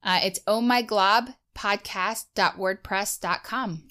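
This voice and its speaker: Smooth-voiced chatty woman podcast host. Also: medium pitch, slow pace, bright, forceful tone. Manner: chatty, uses many "like" fillers. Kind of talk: casual chat.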